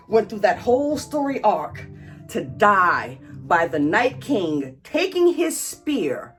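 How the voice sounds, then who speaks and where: Woman vlogger, angry rant, high-ish voice, punchy stretched stresses, light music under. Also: fairly bright tone. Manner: angry, emphatic, drawn-out stresses. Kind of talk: ranting commentary.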